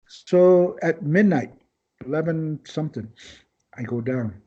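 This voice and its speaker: Rambling storyteller man, husky voice. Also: on the high side, expressive, measured pace, warm tone. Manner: rambling anecdotes, acting out other people's lines. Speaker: podcast guest. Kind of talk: casual storytelling. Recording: dull lo-fi podcast audio.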